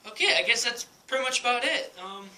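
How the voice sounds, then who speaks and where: Bright high-pitched young man, rambling. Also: fast talker, slight background noise, rough recording. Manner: rambling, many ums and likes, laughs often. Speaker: vlogger. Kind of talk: casual storytelling vlog. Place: at home, indoors.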